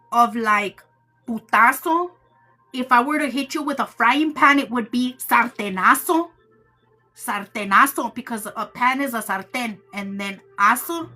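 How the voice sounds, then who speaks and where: High bright-voiced woman chatting live. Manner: chatty and teasing, talks to viewers as "my love". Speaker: tarot reader hosting a live stream. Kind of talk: casual live-stream chat, answering viewers.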